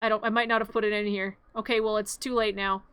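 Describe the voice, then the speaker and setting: A woman's voice: mid-range voice, little pitch movement, quick pace, a bit bright, clean tone, no room sound. A woman streamer who narrates a home-made parody in a playful, rambling, jokey way. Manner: giggly, rambling, jokey, with many restarts.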